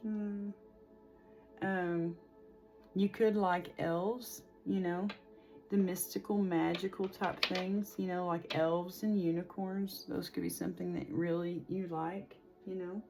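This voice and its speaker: Woman in her forties, casual tarot reading, chatty rambling talk, lower voice, faint music underneath. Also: steady tone, slow pace, vocal fry, mellow. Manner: rambling, chatty, with many fillers. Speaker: tarot reader.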